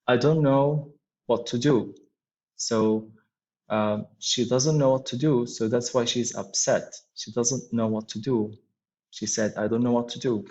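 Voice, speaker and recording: A man's voice: medium pitch, fairly even intonation, measured pace, a little mellow, lo-fi sound. A man teaching English, explaining words and phrases patiently and repeating them, with frequent fillers. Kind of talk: slow explanatory lesson.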